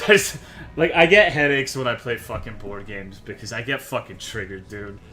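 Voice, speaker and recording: A man's voice: on the low side, normal speed, sharp tone, faint music behind. A man streaming a game, ranting to his chat in a worked-up, profane way. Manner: profane, worked-up, swears constantly.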